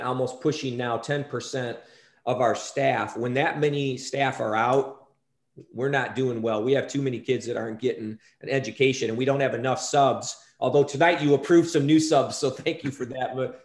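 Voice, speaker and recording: A man giving a school superintendent's report at a board meeting, halting and often restarting his sentences. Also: mid-range voice, a little mellow, echoey room.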